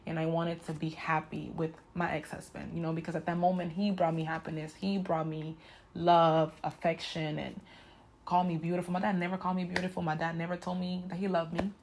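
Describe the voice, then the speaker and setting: This twenty-something vlogger speaks briskly in a lowish, darkish voice with a level tone. Addressing the camera, she frankly and emotionally recounts a painful personal experience, peppering it with "y'all" and "you know."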